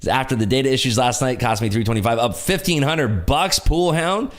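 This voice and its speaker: A man's voice: mid-range voice, fairly quick. A man hosting a live day trading stream, chatting casually, laughing often and cheering on his viewers. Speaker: day trading livestream host. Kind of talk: casual live market commentary.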